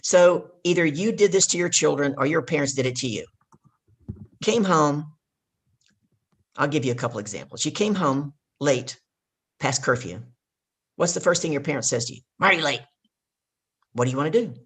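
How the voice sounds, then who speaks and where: Husky-voiced woman coaching emphatically. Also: sits low, animated, normal speed, pauses often. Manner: emphatic, repeats key points. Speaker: guest, life coach. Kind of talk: energetic coaching storytelling.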